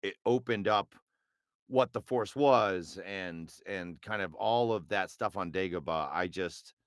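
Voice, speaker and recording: Low-voiced man, rambling guest. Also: unhurried, clear, resonant tone, no room sound, studio quality. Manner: rambling and hesitant, with many fillers and restarts. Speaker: voice actor guest. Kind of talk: casual interview chat.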